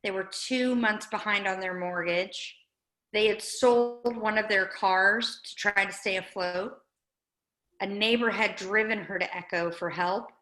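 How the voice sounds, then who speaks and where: A woman's voice: medium pitch, fairly even intonation, measured pace, a bit bright, roomy sound, poor audio. A woman giving an earnest, conversational update as a guest speaker at a community meeting. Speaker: guest speaker, nonprofit director. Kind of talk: informal update talk at a meeting.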